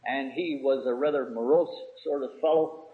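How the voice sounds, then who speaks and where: A man preaching an expository sermon in a measured, explanatory way, pausing often with "uh". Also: mid-range voice, fairly even intonation. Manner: measured, explanatory, with frequent "uh" pauses. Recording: tinny phone-like recording.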